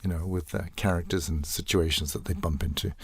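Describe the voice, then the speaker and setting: An older man speaks in a deep, low register. He tells stories animatedly in a casual interview, often acting out quoted lines. The recording is close and dry, with no room sound. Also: fairly even intonation, brisk, creaky, breathy edge, no echo. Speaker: voice actor guest.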